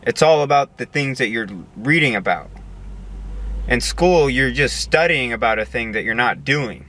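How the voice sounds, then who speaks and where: A man's voice: mid-range voice, sharp tone. A young man giving an earnest casual monologue, often repeating words as he searches for them. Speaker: video essayist.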